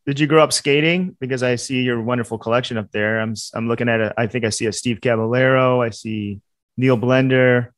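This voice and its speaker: A man's voice: mid-range voice, fairly even intonation, fairly quick, dry recording. A man hosting a podcast, asking curious, playful questions in casual chat. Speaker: podcast host.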